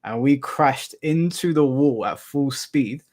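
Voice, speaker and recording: A man's voice: mid-range voice, slow, a little mellow. Chatty young man hosting a stream. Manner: rambling, anecdotal, casual swearing. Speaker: live stream host. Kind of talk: casual chat with viewers.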